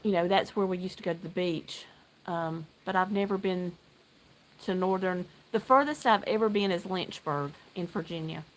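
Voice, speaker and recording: A middle-aged woman from North Carolina, chatting casually with viewers on a livestream, excitable and greeting people by name. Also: on the low side, normal speed, slight background noise. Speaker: livestream host. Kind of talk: casual live chat while knitting. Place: outdoor deck at home.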